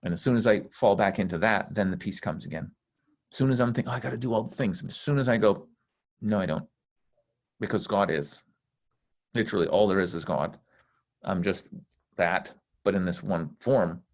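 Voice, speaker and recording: Spiritual teacher, male, very low voice, blunt and profane, rambling and intense, casual call. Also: normal speed. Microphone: call microphone.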